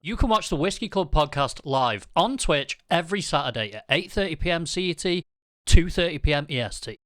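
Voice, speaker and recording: A man's voice: a little high, expressive, a little fast, fairly bright tone, dry recording, studio quality. A man co-hosting a podcast, announcing the show's plugs in an upbeat way. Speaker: podcast co-host. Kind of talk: casual chat and outro announcement.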